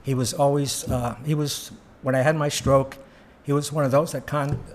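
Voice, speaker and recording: A former board member giving heartfelt public comment at a town meeting, earnest and plain with frequent fillers. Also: male voice, medium pitch, level tone, moderate pace.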